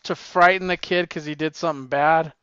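A man in casual chat, chiming in with quick comments and questions. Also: on the high side, steady tone, pushed and bright, clean tone, no echo. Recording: dull dry lo-fi sound.

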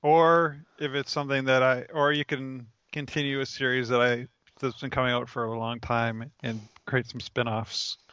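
A man's voice: mid-range voice, normal speed, few pauses, clear, resonant tone, dry recording, highs cut off. Laid-back man in casual chat. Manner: relaxed, laughs often. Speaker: podcast co-host.

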